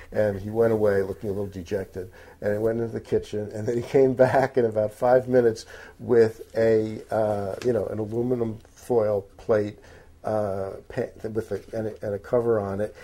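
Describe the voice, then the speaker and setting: A man's voice: lowish voice, steady tone, moderate pace, warm tone. A man, a magazine editor, chatting informally about weekend picks, rambling with many fillers and addressing listeners as folks. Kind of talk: casual spoken recommendations.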